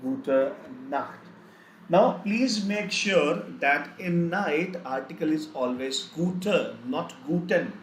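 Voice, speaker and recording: Slow, deliberate man teaching German. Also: on the high side. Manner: slow, repeats each word several times. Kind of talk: live online language lesson. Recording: echoey room, faint background noise.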